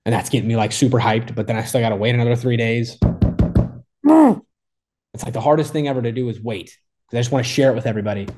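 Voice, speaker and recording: Excitable man telling a golf story. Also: medium pitch, quick pace, heavy background noise. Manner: excitable, rambling, full of "like" and restarts. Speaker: golfer recounting his hole in one. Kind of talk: casual storytelling interview.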